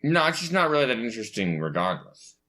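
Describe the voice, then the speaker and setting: A man's voice: mid-range voice, very animated, a little fast, pushed and bright. A man co-hosting a casual movie review podcast, blunt and jokingly sure of his own opinions. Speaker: podcast co-host.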